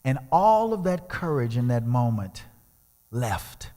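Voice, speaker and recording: A man of medium pitch and dark tone speaks slowly, with big swings in pitch. As a guest speaker and musician, he gives a storytelling sermon in a large church sanctuary, acting out the story's voices dramatically, all under the hall's long reverb.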